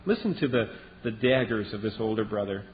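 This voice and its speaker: A man preaching a sermon as a Bible teacher, telling the story in a lively way and acting out the lines he quotes. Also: on the low side, brisk. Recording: dull lo-fi recording with long reverb and faint hiss.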